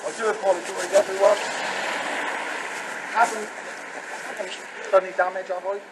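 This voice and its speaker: A man's voice: high voice, little pitch movement, normal speed. A man, talking bluntly and swearing heavily in a confrontational way. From England. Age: 30s. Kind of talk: secretly recorded argument and chat. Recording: noisy hidden recording.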